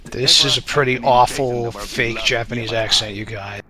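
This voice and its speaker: A man's voice: mid-range voice, moderate pace, a crowd in the background, rough recording. A man co-hosting a let's play, muttering to himself as he plays. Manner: mutters to himself while playing. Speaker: co-host playing the game.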